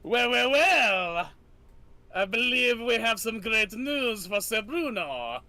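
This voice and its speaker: A man's voice: sing-song, slow, pushed and bright, dry recording, full character voice. A man doing a gloating French villain knight. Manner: booming, mocking laughter.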